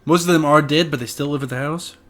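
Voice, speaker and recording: A man's voice: on the high side, fast, a bit bright. A young man in casual podcast talk, swearing freely and cracking crude jokes. He laughs often and keeps his stories loose and rambling. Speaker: podcast co-host.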